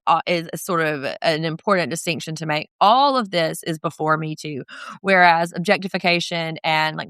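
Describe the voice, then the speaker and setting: A woman in her thirties co-hosting a podcast, recapping reality TV in a casual, profane and sarcastic way, quoting people with lively put-on voices. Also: lowish voice, clean tone, no echo, studio quality. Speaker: podcast co-host.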